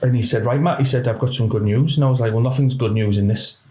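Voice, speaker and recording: A middle-aged cop on a podcast tells his story honestly, his mid-range voice moving at a quick pace. He narrates vividly, slipping into the voices of people he quotes. The recording carries an echo.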